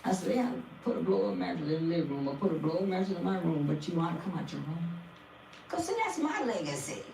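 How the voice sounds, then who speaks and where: A woman's voice: fairly low pitch, animated, fast talker, vocal fry. An older woman, a guest on a podcast, giving an emotional testimony about her family and repeating phrases like a preacher. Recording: echoey, distant, faint noise.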